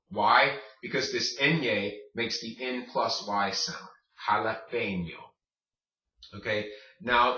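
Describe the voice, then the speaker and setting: A man teaching a recorded Spanish pronunciation lesson, saying words slowly and repeating them. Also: medium pitch, sharp tone. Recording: echoey room, distant dull mic.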